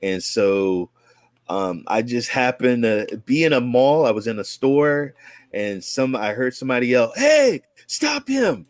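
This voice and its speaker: There's no room sound as a mid-range male voice speaks at a measured pace. The speaker, a forties-aged guest and content creator from Oakland, California, tells his life story casually, rambling, restarting often, and acting out what people said.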